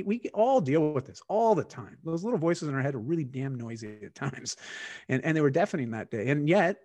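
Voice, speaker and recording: A man's voice: on the high side, darkish tone, slightly rough, no room sound. A man from Canada telling his own story in a candid, reflective way, often restarting his sentences. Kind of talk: personal storytelling.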